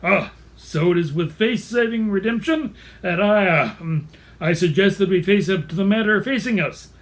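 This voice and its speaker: A man's voice: high-pitched, normal speed, lightly acted. A man voicing a bragging, pseudo-intellectual male rooster who blusters and stammers with grand wizard-like bombast. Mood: pompous.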